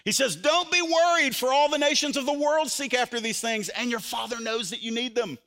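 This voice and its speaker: An older man preaching a sermon as a pastor, animated, voicing quotes with sudden loud jumps. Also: very high voice, brisk.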